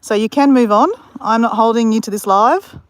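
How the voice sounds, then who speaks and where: A woman chats on a live stream, drifting from story to story and talking straight to her viewers. Her voice sits a little high. The sound is close and dry, with almost no room echo. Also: moderate pace. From Australia. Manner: rambling, storytelling, addresses her chat viewers directly. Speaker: livestream host. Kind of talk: casual live-stream chat.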